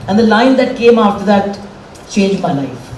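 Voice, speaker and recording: Captured from afar in a large hall with reverb and a faint hum of room noise, a middle-aged Indian woman delivers a candid, emotional public speech. Her mid-range voice is expressive and a little mellow, at a moderate pace.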